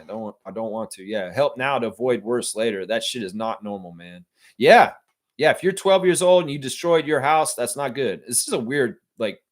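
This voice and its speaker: A man hosting a sports-fan live stream, chatting loosely, swearing and reading viewer comments. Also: medium pitch. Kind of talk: casual live-stream chat.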